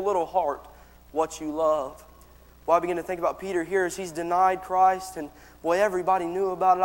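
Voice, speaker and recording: A man's voice: sits high, in a large hall, poor audio. A man preaching a sermon to his congregation, with a fervent, impassioned delivery.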